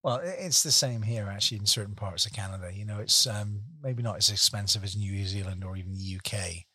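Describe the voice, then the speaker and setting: Guy interviewing someone, chatty, sharp bright husky voice. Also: lowish voice, brisk, no room sound, studio quality. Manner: chatty, asks leading questions. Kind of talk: conversational interview.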